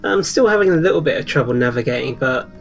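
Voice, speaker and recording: A man's voice: mid-range voice, expressive, quick pace, creaky, faint music behind. A man in a game voice chat, giving brief easygoing replies. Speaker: guest streamer in voice chat. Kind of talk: casual chat.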